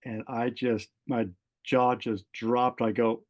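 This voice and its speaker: A man's voice: medium pitch, slow. A middle-aged man, a retired fire captain, telling a personal story as a podcast guest, acting out the dialogue with many fillers and restarts. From California. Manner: animated storyteller, voices quoted dialogue, frequent fillers and restarts.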